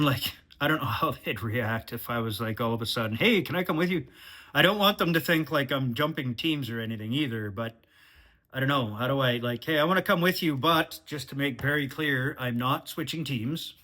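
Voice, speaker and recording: A man talking casually in a diary-style vlog, rambling and swearing as he questions himself out loud. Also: mid-range voice. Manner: rambling, profane, self-questioning. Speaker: vlogger.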